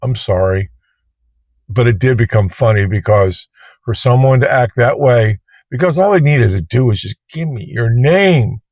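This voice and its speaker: A man's voice: mid-range voice, animated, normal speed, a little mellow, no room sound. A man who drives for a ride service, telling a story to camera in a casual, colloquial, rambling way from inside his parked car. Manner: plain-spoken, colloquial, rambling. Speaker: Uber driver and vlogger.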